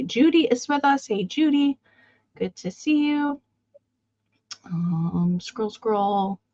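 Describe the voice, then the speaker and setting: A woman's voice: high-pitched, no echo, highs cut off. A woman hosting a live online sale, chatting casually and greeting viewers by name. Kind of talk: casual live-stream chat.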